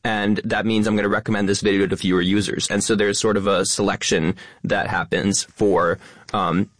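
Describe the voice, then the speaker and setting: A man talking quickly as a guest in a radio interview, stressing many of his words to keep listeners engaged. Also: fairly low pitch, flat delivery, no echo. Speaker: guest, educational influencer.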